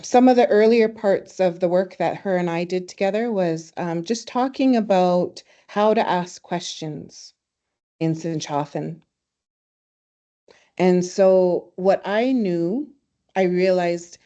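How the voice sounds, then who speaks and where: A woman teaching a language in a webinar, speaking warmly and reflectively, telling stories and laughing easily. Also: lowish voice, takes it slowly. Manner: warm, storytelling, laughs easily. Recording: slightly dull webinar audio.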